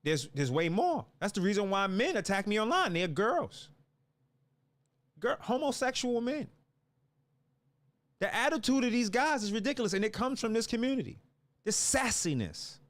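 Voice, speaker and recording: Fiery, high-pitched ranting man. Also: animated, moderate pace, pauses often. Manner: fiery, restarts and repeats words. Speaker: political commentator. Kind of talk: heated ranting monologue.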